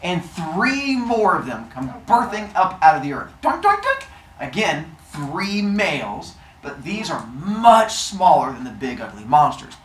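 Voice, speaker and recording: A man's voice: on the high side, wildly swooping pitch, measured pace, recorded from a distance. Playful male storyteller in an echoey hall. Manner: playful, jokey asides. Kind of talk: comic myth storytelling to an audience.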